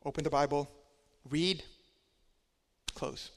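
A man preaching a sermon, telling a personal story in a conversational way, swinging between loud and quiet. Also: on the high side, fairly even intonation, takes it slowly, long reverb tail.

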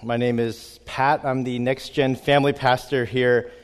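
A middle-aged man, hoarse, preaching and praying earnestly as a family pastor in a recorded sermon. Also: medium pitch, level tone, measured pace. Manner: earnest, frequent fillers, prays with repeated "God". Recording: long hall reverb.

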